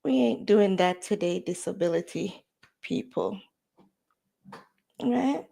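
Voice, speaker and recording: A woman with a Jamaican accent chats on a livestream at an unhurried pace. Her pitch sits in a middle range. She mixes patois into her talk and laughs often. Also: vocal fry, warm tone. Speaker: livestream host. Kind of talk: casual livestream chat.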